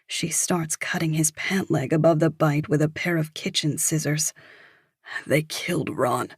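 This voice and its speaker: A woman narrating a thriller audiobook in a measured, even reading. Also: sits low, husky, dry recording, studio quality. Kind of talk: scripted narration.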